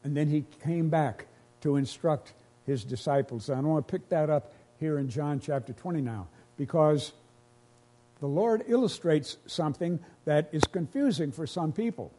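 A man's voice: fairly high pitch, moderate pace, mellow. A pastor preaching a sermon to his congregation, earnest and emotional, repeating phrases as he builds each point.

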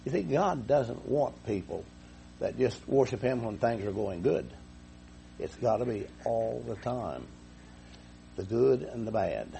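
A man's voice: medium pitch, expressive, a little slow, vocal fry, dark tone, a little hiss or hum. A man preaching a folksy sermon to his congregation, repeating himself and telling a homespun story. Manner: folksy, repetitive, chuckles at own jokes.

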